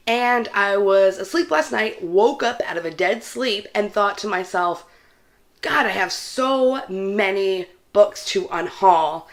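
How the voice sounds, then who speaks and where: A woman book vlogger chatting casually to her viewers, telling a story in an animated way and laughing between phrases. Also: medium pitch. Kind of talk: casual vlog chat.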